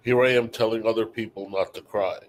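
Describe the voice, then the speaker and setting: A man's voice: fairly low pitch, steady tone, fairly quick, a little hiss or hum. A man hosting a livestream in casual chat, rambling and emotional, swearing freely. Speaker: livestream host.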